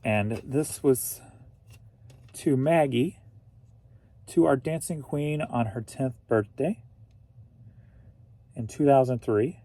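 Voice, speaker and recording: A man's voice: medium pitch, slow, pauses often, mellow, no echo. A man from St. Louis, an online reseller casually narrating as he packs orders, muttering to himself while he works. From St. Louis, Missouri.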